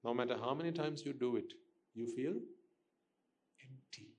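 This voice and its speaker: A man's voice: medium pitch, normal speed, darkish tone. A man giving a Buddhist dharma talk to listeners, questioning them and repeating his points for emphasis. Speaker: Buddhist teacher.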